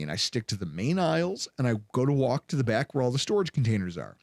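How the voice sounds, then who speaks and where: A man in his thirties hosting a sports podcast, telling a story with lively acted-out voices. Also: medium pitch, quick pace, no room sound, clean studio sound. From Buffalo, New York area. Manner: animated, acts out voices in anecdotes. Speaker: podcast host.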